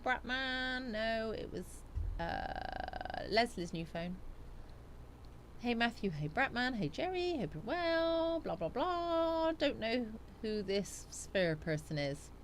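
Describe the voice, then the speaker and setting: A woman's voice: mid-range voice, a bit bright, slight background noise. A woman hosting a casual live chat stream. She talks in a chatty way, reading out viewer comments and answering them, and she laughs at her own jokes.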